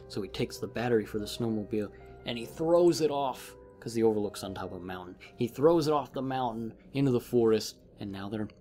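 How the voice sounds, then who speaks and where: A man's voice: medium pitch, lively intonation, fairly quick, mellow, soft background music. A man rambling casually through a book recap as a vlogger, with many fillers.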